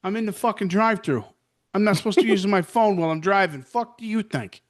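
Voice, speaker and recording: A man's voice: sits high, fast. A middle-aged man co-hosting a podcast, complaining sarcastically with lots of profanity. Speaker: podcast co-host. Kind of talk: casual chat.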